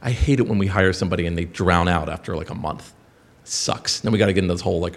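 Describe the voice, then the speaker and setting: A man in his thirties telling a profane story to an audience, animated, swearing and jumping into quoted voices. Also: sits low, quick pace, creaky.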